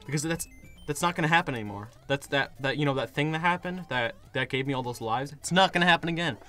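A hoarse young man giving casual commentary while playing a game, getting frustrated and yelling at it. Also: a little high, fast, soft background music. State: hoarse, voice worn out. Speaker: gaming video creator.

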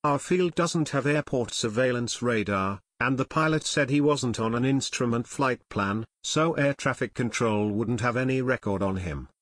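A man's voice: mid-range voice, moderate pace, few pauses, fairly bright tone, no room sound, natural voice. A man reading the part of a middle-aged airport tower chief, with a shaky, frightened delivery, in an audiobook. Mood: steadier.

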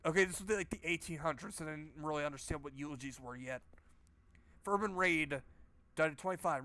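A man with a slightly high voice gives let's play commentary. He is sarcastic and swears freely, mocking what he reads on screen. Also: moderate pace, pushed and bright. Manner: sarcastic, profane. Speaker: game streamer.

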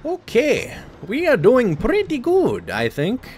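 A man's voice: very high voice, wildly swooping pitch, takes it slowly, a little mellow, slight background noise. A man chatting casually while streaming a horror game, joking at his own expense. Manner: chatty, self-deprecating. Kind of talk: live gameplay commentary.

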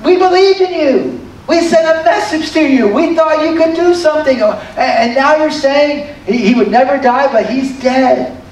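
A man voicing a grieving woman who pleads in frustration, raising his voice high and speaking with emphasis. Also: moderate pace. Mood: pleading. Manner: raised pitch, pleading, emphatic. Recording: very echoey hall, distant mic.

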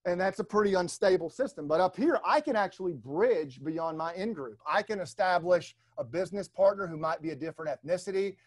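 Middle-aged man, high voice, dry close recording; chatty webinar lecturer who keeps asking "right?". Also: lively intonation, a little fast, hardly any pauses, no echo. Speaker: webinar speaker. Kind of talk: leadership talk with slides.

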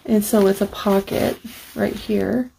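On a crafting channel, a woman casually flips through a handmade journal, gushing and admiring it with lots of fillers. Her mid-range voice is steady and measured, creaky yet mellow. The audio is poor, with a slight hiss or hum.

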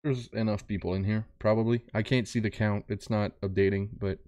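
A man's voice: on the low side, little pitch movement, brisk, mellow. Laid-back young man streaming live. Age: young adult. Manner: laid-back, rambling, greets chat by name. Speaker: streamer reacting to videos. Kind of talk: casual live-stream chat.

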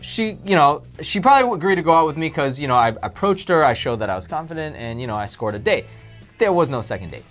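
A man co-hosting a casual chat show, animated and joking, his voice jumping up when excited. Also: fairly high pitch, quick pace, soft background music. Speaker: co-host.

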